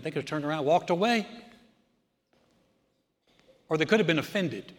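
A man's voice: on the high side, normal speed, pauses often. Man, pastor, preaching, acting out characters, echoing hall. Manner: animated storytelling, acts out voices. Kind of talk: sermon.

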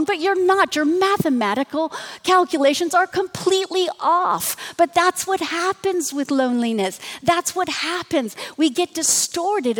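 A woman pastor giving a dramatic sermon, dropping to hushed tones and rising to emphatic bursts. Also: high voice, big-room sound.

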